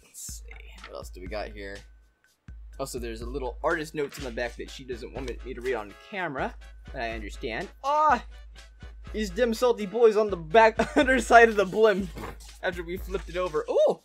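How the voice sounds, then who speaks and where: Young male vlogger, 20s, mid pitch, very lively inflection, giggly, reading fan letters with faint music behind. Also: fairly quick. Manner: expressive, laughs often, swings from excited squeals to soft, touched tones. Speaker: YouTuber opening fan mail. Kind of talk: casual fan-mail reading.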